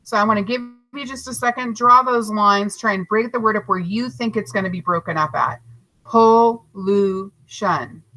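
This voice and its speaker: Bright teacher lady doing a recorded lesson for kids, patient, drags words out slow to break syllables. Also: mid-range voice, rough recording. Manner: slow, overarticulated syllables and spelling; encouraging, patient teacher talk. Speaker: third grade teacher.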